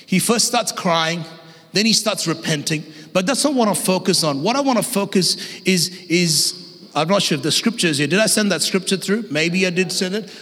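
An Australian man preaching a lively sermon as guest pastor, humorous and energetic, shouting at the peaks. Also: high-pitched, normal speed. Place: church hall. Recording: long church hall reverb.

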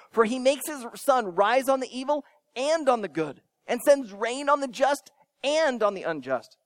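A man preaching a sermon, addressing young listeners directly with questions and swinging between emphatic lines and soft asides. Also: very high-pitched, no room sound. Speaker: pastor.

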